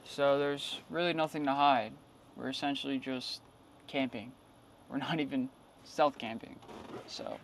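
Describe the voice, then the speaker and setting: Guy from the east coast vlogging on the street, punchy and lively, faint traffic behind. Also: medium pitch, unhurried, vocal fry. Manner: emphatic, lively storytelling with sudden louder bursts. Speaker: vlogger living in a bus. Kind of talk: casual vlog to camera. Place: outdoors in a city street.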